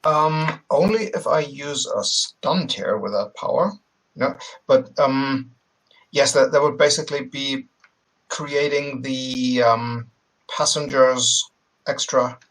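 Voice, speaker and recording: A man's voice: mid-range voice, slow, fairly bright tone, rough recording. A man playing a tabletop game, reasoning things out aloud. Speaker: player. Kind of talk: casual tabletop play.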